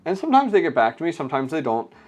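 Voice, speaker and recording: A man's voice: fairly high pitch, big pitch swings, racing, a little mellow. A man hosting a casual unboxing vlog, chatting and explaining hardware step by step with frequent fillers. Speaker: crypto mining channel host.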